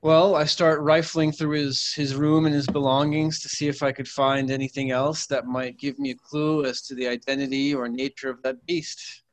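A man's voice: medium pitch, level tone, normal speed, few pauses, noisy background. A man as a player in a tabletop game, stating his moves plainly. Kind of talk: casual tabletop play.

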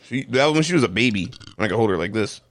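Gravelly, joking comedian guy. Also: fairly low pitch, animated, fast talker. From Ohio. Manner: laid-back, crude and joking. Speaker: comedian and podcast co-host. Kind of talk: casual chat.

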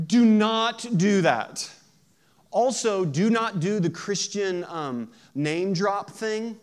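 A man preaching a sermon in a lively, joking way, acting out quoted voices. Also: high voice, slow. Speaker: pastor.

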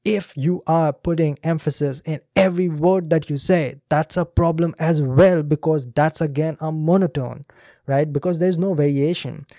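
An Indian man who hosts a podcast and coaches speaking explains a video clip to his listeners, talking to them directly like a teacher. His mellow voice is on the high side at a moderate pace, with clean studio sound and no room sound.

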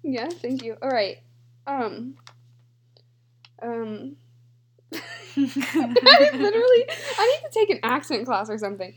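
A young woman with a high voice that swoops up and down as she talks. She chats casually with a friend on a podcast and giggles often. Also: slow pace, pauses often, breathy edge. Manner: giggly, animated, playful. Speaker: podcast co-host. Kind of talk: casual chat.

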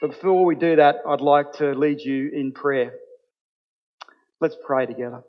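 A man's voice: fairly high pitch, steady tone, normal speed. A man preaching a sermon as pastor, earnest and building to emphatic points. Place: church. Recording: dull sound with long hall reverb.

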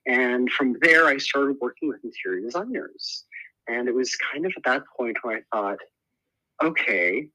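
A man's voice: medium pitch, lively intonation, normal speed, bright, forceful tone, dry recording, low-quality recording. A man from Nebraska, an interior designer, telling his story in a friendly, laughing way on a podcast. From Nebraska, United States.

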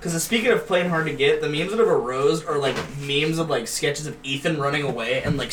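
A man's voice: fairly high pitch, a bit bright. A man co-hosting a podcast, chatting crudely, swearing a lot and laughing often. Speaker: podcast co-host. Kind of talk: casual crude banter. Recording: echoey room, distant mic, faint hiss.

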